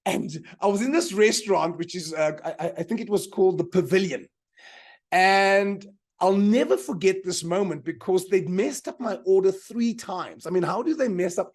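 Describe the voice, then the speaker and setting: A man's voice: high voice, fairly bright tone. A man leading a live online motivational seminar as a mind power teacher. He talks with energy, repeats his key lines for emphasis and keeps asking the audience to answer in the chat.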